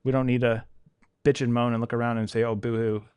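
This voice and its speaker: A man talks candidly in a casual podcast conversation about running his business, and he acts out the people he quotes. His voice is smooth and resonant, and the dry close mic adds no room sound. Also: mid-range voice, level tone, fast talker, darkish tone, no echo. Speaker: podcast host, pressure washing business owner.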